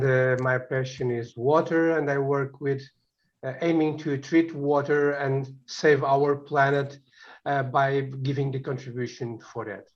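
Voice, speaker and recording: A soft-spoken man working in water treatment, introducing himself haltingly on a video call. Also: medium pitch, lo-fi sound.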